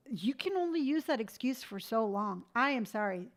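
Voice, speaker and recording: A woman in her fifties hosting a casual livestream, giving an earnest, animated pep talk with some tough love, and mimicking other people's remarks as she goes. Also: fairly high pitch, moderate pace, few pauses. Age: 50s. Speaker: livestream host. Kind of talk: motivational livestream chat.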